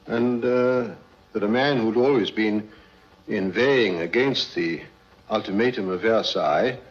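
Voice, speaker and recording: A man, a diplomat, recounting past events in an interview with a low-key, hesitant way of telling the story. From Britain. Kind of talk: archival interview recollection. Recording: dull lo-fi archival interview.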